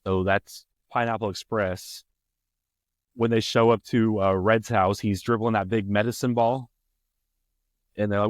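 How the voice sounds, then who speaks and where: A man hosting a casual podcast chat, animated and quoting movie lines with a lifted voice. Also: fairly low pitch, a little slow, long pauses, no room sound, clean studio sound. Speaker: podcast host.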